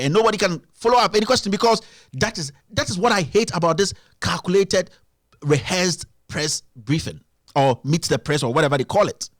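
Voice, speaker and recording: A man's voice: high voice, fairly bright tone, dry recording, clean studio sound. A man hosting a live-stream show, giving emphatic, repetitive political commentary.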